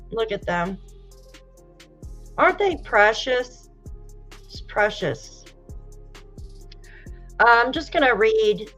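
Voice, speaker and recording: A woman's voice: medium pitch, muffled recording. A woman hosting a true crime live stream, talking casually and emotionally with sympathy while reading viewer comments. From United States. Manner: emotional, sympathetic, softly exclaiming. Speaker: true crime show host.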